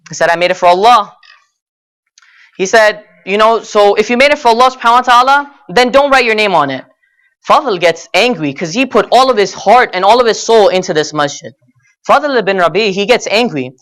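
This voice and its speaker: A man's voice: high-pitched, lively intonation, brisk, a bit bright. A young man giving a sermon at a religious gathering, earnest and direct, calling the listeners brothers and sisters and often saying "you know" as he tells a story. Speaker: speaker at a Muharram gathering.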